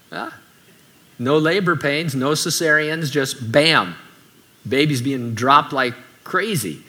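A man's voice: fairly high pitch, bright, forceful tone. A man preaching a sermon in a conversational way, with joking asides. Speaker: pastor.

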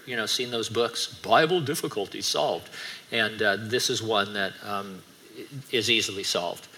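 A man's voice: medium pitch, pushed and bright. A middle-aged male pastor preaching a sermon in a conversational way, with joking asides between stretches of scripture teaching.

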